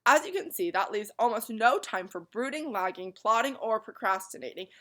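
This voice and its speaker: A woman's voice: on the high side, expressive, normal speed, a bit bright. A woman voicing a lazy, drawling male Lethargarian who loves doing nothing, in a storybook reading.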